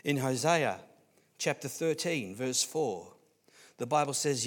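In a church, a pastor with an Australian accent preaches a sermon that swings between hushed lines and loud, emphatic ones, often restarting his words. His medium-pitched voice is animated and unhurried.

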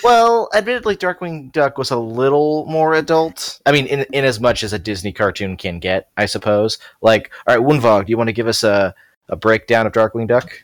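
A man's voice: medium pitch, animated, fairly quick, dry recording. A man co-hosting a casual podcast chat, rambling a little and correcting himself as he goes. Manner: rambling, self-correcting, laughs often. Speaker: podcast co-host.

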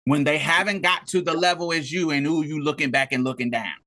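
Emotional, fast-talking man. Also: on the high side, sharp tone. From rural Mississippi. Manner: intense, profane, tearful at times. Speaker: podcast co-host. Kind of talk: emotional personal storytelling.

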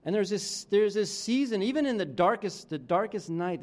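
High-voiced casual pastor preaching. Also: male voice, lively intonation, moderate pace. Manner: casual, conversational preaching with many restarts and "like". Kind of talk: sermon.

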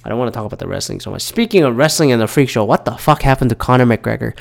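A man's voice: medium pitch, expressive, rapid-fire, gravelly. Man, thirties, casual solo commentary, rambling, swearing, filler-heavy. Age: 30s. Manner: rambling, profane, lots of fillers and restarts.

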